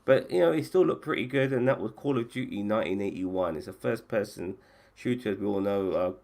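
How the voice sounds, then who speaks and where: A man's voice: on the low side, fairly quick, creaky, darkish tone. A man hosting a podcast and running a casual chat about video games, swearing freely and often restarting his sentences. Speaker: podcast host.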